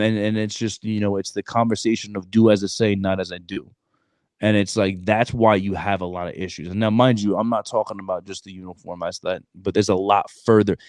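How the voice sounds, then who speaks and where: Podcast co-host, man in his thirties, low voice, close dry mic, animated storyteller heavy on slang. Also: dry recording. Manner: animated, streetwise slang, frequent "bro". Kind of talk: casual storytelling chat.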